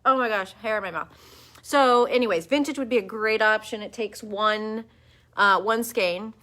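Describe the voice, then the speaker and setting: A woman's voice: medium pitch, normal speed, sharp tone. A woman hosting a casual live chat from her yarn shop, enthusiastic and full of fillers, speaking to a webcam. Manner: chatty, enthusiastic, lots of fillers.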